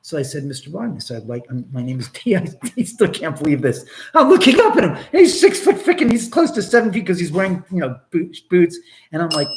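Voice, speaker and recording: A middle-aged American man with an American accent, hosting a live stream and telling stories in a casual, animated way, swearing and laughing as he goes. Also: medium pitch, slight background noise, rough recording.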